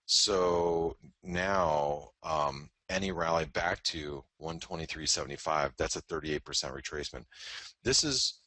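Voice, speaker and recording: This live trading show host and educator has an extremely low voice that sounds pushed, bright and slightly rough. He jokes candidly about the markets, pokes fun at himself, and keeps tossing in "you know," all recorded with no echo.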